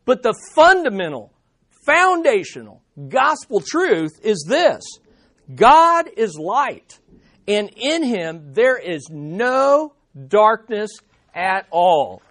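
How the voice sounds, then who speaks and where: Male pastor, sermon delivery, high voice, very animated pitch, emphatic with repeated key lines. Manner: slows down on key statements.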